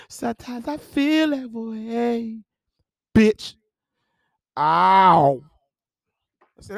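A man's voice: extremely high pitch, sing-song, extremely slow, gravelly, long pauses, dry recording, studio quality. A man hosting a podcast, reading celebrity headlines and reacting with profane exclamations and laughter. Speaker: podcast host. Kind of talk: casual celebrity gossip commentary.

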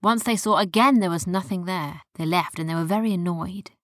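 A woman narrating a children's story softly, often dropping to a whisper. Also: on the low side, brisk, no echo, clean studio sound.

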